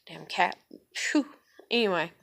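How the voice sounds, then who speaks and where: A woman's voice: lowish voice, a little slow, gravelly, a bit bright. Woman vlogger, casual on-camera rant; blunt, swears freely, hammers her points home. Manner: blunt, profane, emphatic venting.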